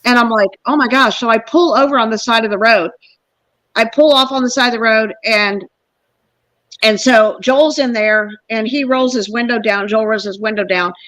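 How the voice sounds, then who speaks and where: Rambling, animated middle-aged woman storyteller. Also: on the high side, normal speed, dry recording, rough recording. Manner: rambling and animated, acting out quoted voices. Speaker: podcast host. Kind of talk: casual storytelling.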